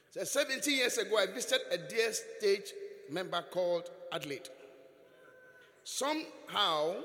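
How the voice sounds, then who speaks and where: A man preaching a sermon as bishop, telling stories with animated delivery and frequent chuckles. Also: high voice. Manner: animated storytelling, chuckling often. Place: large church hall. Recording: echoey church hall.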